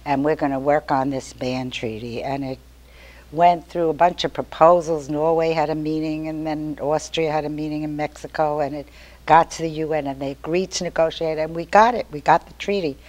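An older woman tells her story in a lowish, conversational voice. She talks casually to an activist meeting and slips into lively quotes as she goes. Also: a little fast. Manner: chatty, storytelling, animated quotes. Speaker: activist speaker. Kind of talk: informal talk at a meeting.

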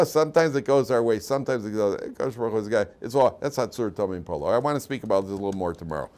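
A man, a rabbi giving a class, telling stories in an animated way, repeating phrases and acting out the dialogue. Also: on the low side, fast talker, few pauses. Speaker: rabbi teaching a weekly class. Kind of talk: storytelling lecture. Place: Jerusalem yeshiva class.

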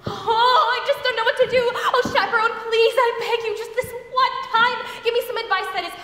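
A woman's voice: very high voice, brisk, bright, forceful tone. A young woman playing a glamorous showgirl bride in a stage musical, theatrical and gushing. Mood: pleading. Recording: echoey hall with music.

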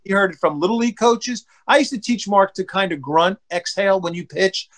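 A middle-aged man with a notably high speaking voice tells stories from his baseball days. He is blunt and plain-spoken, acting out what people said with sudden loud bursts. It is a casual podcast interview. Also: fairly quick. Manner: animated, acts out quotes with loud outbursts. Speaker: former pro baseball pitcher, guest.

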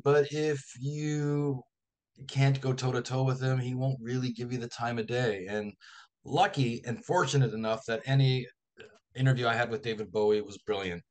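A male author, a guest on a radio interview, telling a long anecdote in a lively raconteur's manner. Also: medium pitch. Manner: lively raconteur, acts out quoted voices.

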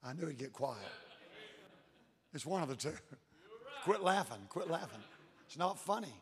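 A man preaching a sermon as pastor, folksy and emphatic, dropping to low intense tones. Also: lively intonation, normal speed. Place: church sanctuary. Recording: church hall reverb.

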